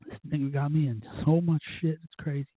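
A man's voice: a little high, fairly even intonation, a little fast, dry recording. Drunk, foul-mouthed man on a tinny line. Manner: profane, rambling, with quoted asides. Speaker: podcast host. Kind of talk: rambling drunk monologue. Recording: tinny phone-like line, husky voice.

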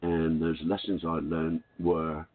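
An older man calling in to a talk radio show, telling his story in a frank, confident, unhurried way. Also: a bass voice, monotone. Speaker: caller. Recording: tinny phone line.

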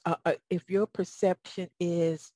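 A woman's voice: on the low side, flat delivery, a little slow, mellow, no room sound. A woman with a Southern US accent giving a motivational talk, folksy and preacherly, often asking her audience questions. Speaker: motivational speaker.

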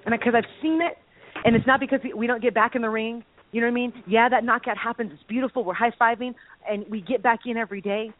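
Woman, high voice, bubbly and laughing, tinny phone-like sound. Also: steady tone, fast talker, a little hiss or hum. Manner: bubbly, breaks into laughter, acts out movie lines. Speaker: podcast co-host. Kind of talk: casual chat about faith.

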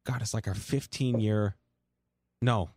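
Jokey New York talk-show host. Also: male voice, on the low side, fairly even intonation, a little mellow, slightly rough, no room sound, clean studio sound. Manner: rambling, jokey, quick asides. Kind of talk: casual talk-radio banter.

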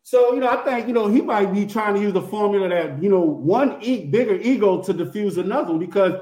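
A man with a high voice talks about basketball in an animated, boastful way. He keeps repeating "you know what I'm saying." His voice echoes, as if he is in a hollow room on a remote line. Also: brisk. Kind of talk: casual basketball chat.

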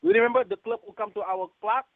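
A man's voice: sits high, fast, heavy background noise. Hesitant student man on a tinny phone line. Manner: non-native phrasing, hesitant. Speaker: student panelist. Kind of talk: radio panel discussion over a phone call.

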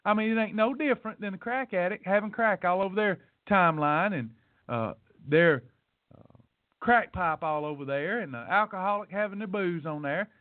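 On a weight loss podcast, a man with a high voice and moderate pace bluntly rants at and scolds his listeners, repeating key points. It's a preachy motivational tirade, recorded with tinny, phone-like sound and no room sound.

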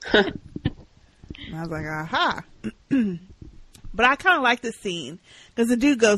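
Animated woman recapping a TV episode. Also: medium pitch, takes it slowly, pauses often, rough recording. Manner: animated, acts out characters' lines. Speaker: podcast co-host. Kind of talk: casual recap chat.

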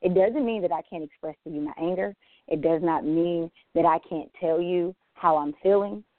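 A woman's voice: on the low side, moderate pace, no echo. A woman on a church women's panel, candidly telling stories about anger and acting out her own quoted lines. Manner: candid, animated storytelling with quoted asides. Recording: tinny phone-line audio, dry.

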